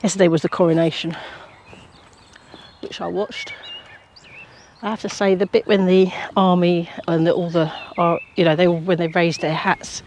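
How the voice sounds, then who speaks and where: A woman chatting casually as a gardening vlogger, talking to her dog and now and then dropping to a soft whisper. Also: lowish voice, level tone, normal speed, slight background noise. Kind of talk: casual vlog chat. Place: outdoor allotment and a quiet home.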